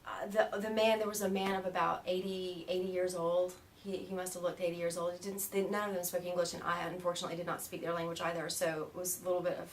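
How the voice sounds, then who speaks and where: An American woman telling stories in a casual interview, animated and laughing often as she mimics the people she met. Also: lowish voice, fast talker, hardly any pauses, recorded from a distance, slight background noise. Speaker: interview guest.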